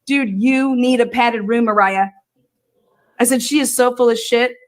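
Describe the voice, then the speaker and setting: A woman's voice: fairly high pitch, unhurried. A woman hosting a true crime livestream, ranting in crude casual talk and cackling often. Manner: loud, swearing, cackling often. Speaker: true crime streamer host. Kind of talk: profane casual livestream rant.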